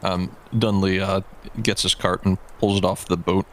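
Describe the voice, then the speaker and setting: A man's voice: low voice, little pitch movement, normal speed. A man playing a tabletop game, hesitant and full of fillers. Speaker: player.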